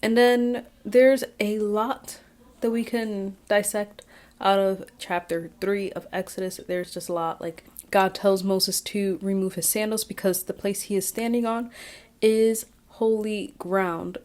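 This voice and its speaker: A woman's voice: medium pitch, fairly even intonation, measured pace, darkish tone. A woman giving a casual, reflective Bible recap, chatty with many fillers and restarts. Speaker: Bible study vlogger. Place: outdoors, windy.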